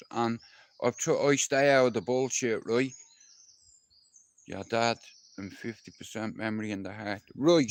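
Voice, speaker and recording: A man's voice: medium pitch, dry recording. A man telling a personal story on a casual live stream, blunt and heavily profane, talking straight to a listener. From Dublin, Ireland.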